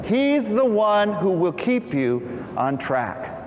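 Middle-aged man preaching, high voice. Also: very animated, slow pace, slight background noise. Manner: conversational, leading congregation in reading. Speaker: pastor. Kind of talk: sermon. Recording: long hall reverb.

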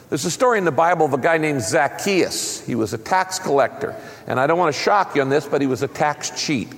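Male pastor preaching, gravelly kinda high voice, big hall reverb. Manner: emphatic preaching with dramatic pitch swings. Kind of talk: sermon. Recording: long reverb of a large hall.

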